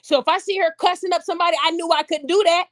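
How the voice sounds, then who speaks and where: Woman, podcast host, casual commentary, animated, addresses audience, high-ish pitch. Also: racing. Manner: animated, talks to audience, acts out voices.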